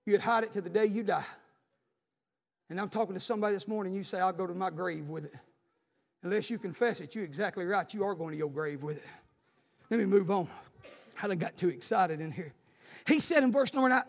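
Male pastor, very high voice, fervent shouted sermon, long church reverb. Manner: fervent, cries out and shouts in bursts.

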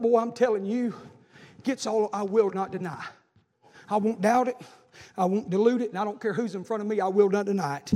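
Man, pastor, sermon, very high voice, shouted emphasis, echoing church hall. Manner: preaching with rising, shouted emphasis.

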